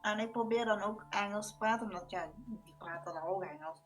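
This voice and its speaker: A woman's voice: medium pitch, quick pace, soft background music. A woman from the Netherlands, chatting casually in Dutch and insisting on her point during a game stream. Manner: insistent, protests and disagrees.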